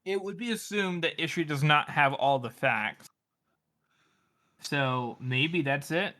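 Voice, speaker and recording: A man co-hosting a podcast, joining the book discussion with quick, halting remarks. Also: on the high side, pushed and bright. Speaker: podcast co-host. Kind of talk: casual book-discussion chat.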